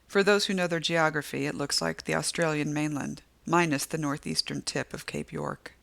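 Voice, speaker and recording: A woman's voice: low voice, fairly even intonation, moderate pace, gravelly, a bit bright. A woman narrating a first-person novel as an audiobook, with tense, vivid storytelling.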